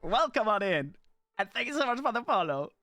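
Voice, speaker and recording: A man streaming live in casual chat, playful and animated, jumping from excited squeals to low mutters. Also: brisk, no echo.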